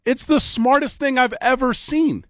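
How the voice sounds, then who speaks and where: A man hosting a morning sports talk radio show from a studio, bantering in a quick, joking way. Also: very high voice, no echo. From American Midwest. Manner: animated, quick, joking delivery. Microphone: studio microphone.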